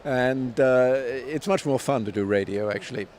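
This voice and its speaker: A man in his seventies talks at a measured pace with plenty of ums and restarts. He sounds like a veteran commentator telling stories in an interview. His voice sits in a middle pitch, with faint noise behind it. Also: a little mellow. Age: 70s. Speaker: tennis commentator and author, guest. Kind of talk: reflective interview answers.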